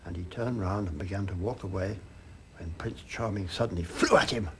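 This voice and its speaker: An older man telling a child a story in a lively, dramatic way, as a grandfather. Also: deep voice, a little fast, background noise.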